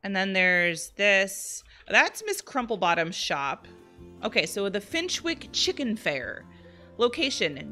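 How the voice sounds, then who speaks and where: A woman streaming a life-simulation game, chatting excitedly with her viewers as she plays. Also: medium pitch. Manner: bubbly, excitable, chatty with chat. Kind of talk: live-streamed game commentary.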